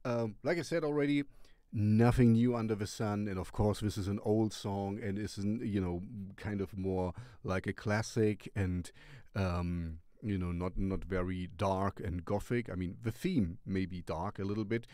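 A man's voice: on the low side, mellow, no room sound, studio quality. A man hosting a music recommendation show, reviewing a song casually in a rambling, hesitant way with lots of fillers. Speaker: radio-style music show host.

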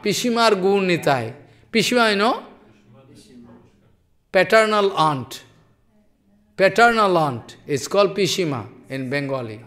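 A man's voice: high voice, a bit bright. A man giving a sermon as a spiritual teacher, telling stories animatedly in broken English and teasing his listeners.

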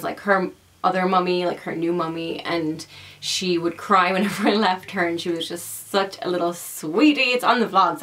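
A woman's voice: lowish voice, a bit bright. A young adult woman vlogging, chatting casually to camera in an affectionate way and laughing often.

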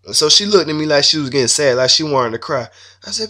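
A man spins a crude comic tale with a brash, swaggering delivery. His voice sits a little high and rings bright and forceful. He barks out his punchlines without any restraint. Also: lively intonation, fast talker. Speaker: comedian. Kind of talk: freestyle comic storytelling.

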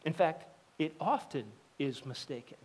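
A middle-aged man preaching in a loose, conversational way, slipping into quick voices for the people in his stories. His voice sits a little above the usual male pitch. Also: breathy edge. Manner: conversational and animated, acting out quoted voices. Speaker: pastor. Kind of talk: sermon. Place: church sanctuary.

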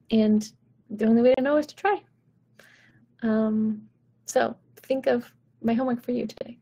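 A woman's voice: fairly high pitch, gravelly, warm tone, breathy edge. A woman vocal coach giving casual, encouraging advice to viewers on a live stream, chatty and full of "like" and "right?".

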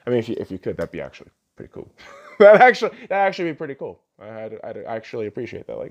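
A man's voice: mid-range voice, wildly swooping pitch, very fast. A young man hosting a solo podcast, ranting profanely and arguing back at himself. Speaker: podcast host.

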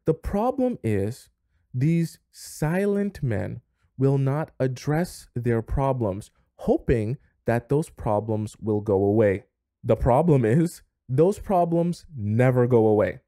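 A man rants dating advice to camera, hammering points with repeated phrases. His voice is dark and mellow, recorded close and dry with no room sound. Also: a little high, expressive, takes it slowly, no room sound. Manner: emphatic, lecturing, repetitive. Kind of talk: direct-to-camera advice rant.

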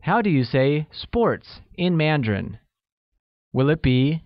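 Male lesson narrator, slow careful delivery, lively pitch, dry muffled recording. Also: no room sound. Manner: slow, careful delivery with drawn-out example words. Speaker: language teacher. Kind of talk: scripted language lesson narration.

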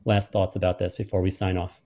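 Male host-lecturer, low mellow voice, measured close reading that lingers on key words. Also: monotone, a little hiss or hum.

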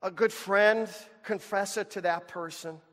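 Pastor preaching slow and deliberate, lots of echo from the church hall, calls everyone folks. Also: male voice, high voice. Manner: animated preacher, addresses the congregation as folks. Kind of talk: sermon. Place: church sanctuary. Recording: church hall with long reverb.

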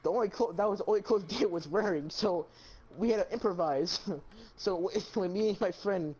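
On dull-sounding audio, a gaming channel co-host with a high, husky voice tells a funny story briskly in casual chat. He's animated, laughs throughout, and swears a lot.

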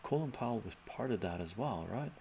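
A man's voice: medium pitch, lively intonation, fairly quick, mellow, a little hiss or hum. A man live streaming and answering his chat in a loose, rambling way, often tagging his points with "right?" and chuckling.

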